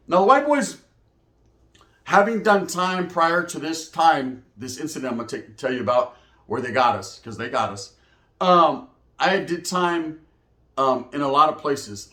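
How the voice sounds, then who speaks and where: Man, slangy storytelling, fairly high voice, echoey room. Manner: streetwise slang, animated, acts out quoted voices. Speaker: podcast host telling prison stories. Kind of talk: casual storytelling monologue.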